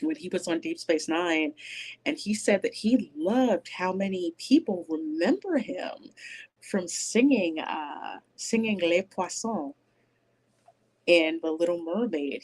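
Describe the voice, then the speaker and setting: A woman's voice: deep voice, a little mellow. A woman hosting a livestream, chatting casually and reading viewer comments aloud, rambling with lots of fillers and restarts. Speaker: livestream host reviewing a movie.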